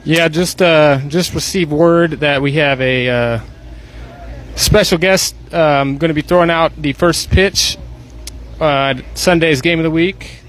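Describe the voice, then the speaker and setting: A man guest making an announcement haltingly, with fillers. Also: on the high side, fairly bright tone, slight background noise. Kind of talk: casual announcement.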